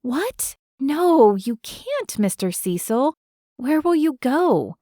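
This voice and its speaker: A woman's voice: mid-range voice, expressive, measured pace, dry recording, clean studio sound, close to an everyday voice. A woman narrator voicing a candid young woman who teases her friends and speaks openly. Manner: candid, teasing, easily alarmed.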